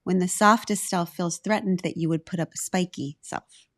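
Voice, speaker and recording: A woman's voice: on the low side, fairly even intonation, moderate pace, fairly bright tone, no echo, clean studio sound. A woman co-hosting a podcast, affirming and building on a guest's ideas in a casual conversation. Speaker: podcast co-host. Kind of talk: candid conversational interview.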